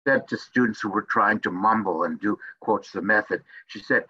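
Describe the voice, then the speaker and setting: Older man, interviewer, bright but husky voice, hesitant phrasing, dull lo-fi recording. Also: on the low side. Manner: halting, repeats words while searching for them. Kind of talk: conversational interview. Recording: dull lo-fi sound.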